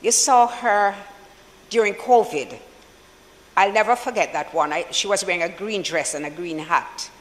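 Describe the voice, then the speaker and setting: Jamaican accent, senator, formal parliamentary tribute, unhurried and solemn, mid-pitched voice, long chamber reverb. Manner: slow, measured and solemn, with deliberate pauses. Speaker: opposition senator.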